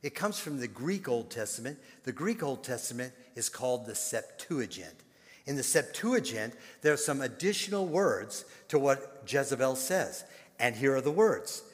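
An older man preaching a sermon in an animated storytelling manner, repeating words and breaking into sudden loud bursts. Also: mid-range voice, normal speed, long reverb tail. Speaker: pastor.

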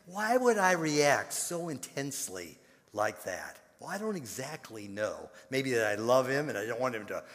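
An older man preaching a sermon in an animated storytelling manner, repeating words and breaking into sudden loud bursts. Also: medium pitch, normal speed, big-room sound. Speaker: pastor.

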